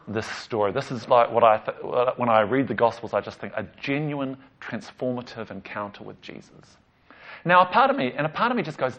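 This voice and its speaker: A man, a pastor, preaching a conversational sermon and retelling a story with lively emphasis and casual asides. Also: mid-range voice, a little fast. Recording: slightly dull lo-fi recording.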